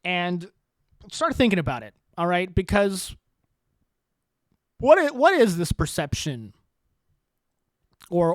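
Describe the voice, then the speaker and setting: A podcast host with a fairly high voice rambles through political commentary, profane and sarcastic, laughing often and putting on mocking voices for quotes. There is no room sound.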